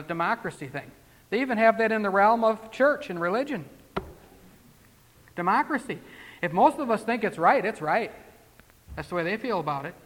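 In a big hall with long reverb, a man with a high, somewhat bright voice delivers a sermon as a pastor. He keeps it folksy and chatty, throwing in rhetorical questions and asides.

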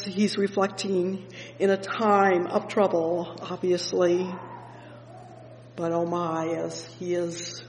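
A man's voice: high-pitched, reverberant, long reverb tail, slight background noise, rough recording. A man preaching a sermon, fervent, often breaking in with "oh yes" and "praise the Lord".

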